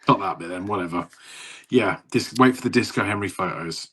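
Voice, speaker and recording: A man in his thirties with a husky, slightly breathy voice, co-hosting a casual podcast chat. He rambles from story to story, laughs easily and swears freely. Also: fairly low pitch, a little fast, fairly bright tone. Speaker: podcast co-host.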